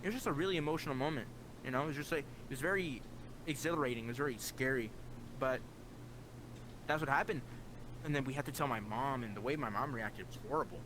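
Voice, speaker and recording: A man's voice: medium pitch, quick pace, background noise. A young man telling a personal story on a voice chat, earnest and full of "like" fillers, his voice leaping up whenever he quotes himself. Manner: earnest, heavy use of "like" fillers, voice jumps up when quoting himself. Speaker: guest.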